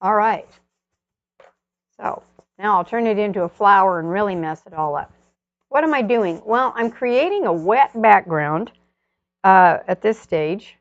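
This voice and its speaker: Woman, painting instructor, rambling live demo, mid pitch, dry muffled sound. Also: lively intonation, a little slow, long pauses, no echo. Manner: chatty, thinking aloud while painting.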